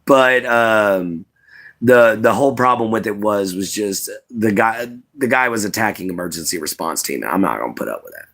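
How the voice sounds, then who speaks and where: A man with a drawl chats loosely to his live stream audience. His voice sits on the lower side, and his talk wanders in an easygoing, rambling way, full of "you know" and "man". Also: lively intonation, normal speed, a bit bright. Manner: laid-back, rambling, says "you know" and "man" a lot. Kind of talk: casual live stream chat.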